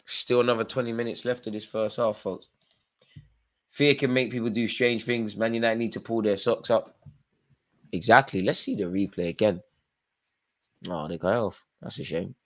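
A man's voice: fairly low pitch, moderate pace, long pauses. Man, watchalong host, tired, chatty play-by-play, fan reactions. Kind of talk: live football watchalong commentary.

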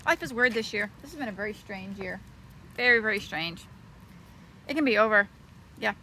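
A woman's voice: mid-range voice, animated, moderate pace, pushed and bright. A woman in her thirties filming a casual vlog outdoors on a windy day, chatting in a scattered way and hopping from topic to topic. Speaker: vlogger, homeschooling mom.

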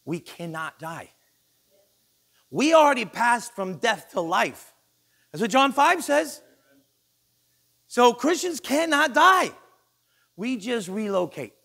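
A male pastor preaching a sermon in a church, animated and joking, acting out the people he quotes. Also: very high-pitched, slow pace, long pauses.

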